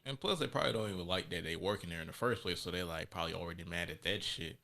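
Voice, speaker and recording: A man's voice: low voice, racing, gravelly, pushed and bright. A young man co-hosting a podcast, blunt and profane, retelling stories in casual chat. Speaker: podcast co-host.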